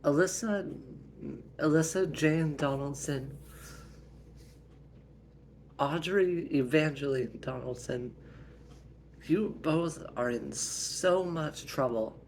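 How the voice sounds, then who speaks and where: A man voicing a stern adult mother who scolds her daughters in a sharp, high voice. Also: animated, extremely slow, few pauses, slight background noise. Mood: scolding.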